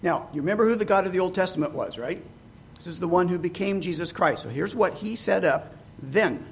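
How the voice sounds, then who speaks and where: A man's voice: high-pitched, lively intonation, fairly quick, slight background noise. A man preaching a sermon, reading scripture aloud and asking his listeners rhetorical questions.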